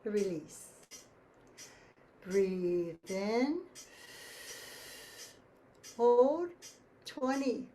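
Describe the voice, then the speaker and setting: Female choir leader, fairly high voice, unhurried, counts beats through breathing drills. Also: darkish tone. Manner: slow, counting beats, instructive. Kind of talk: guided breathing warm-up. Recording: faint ticking metronome.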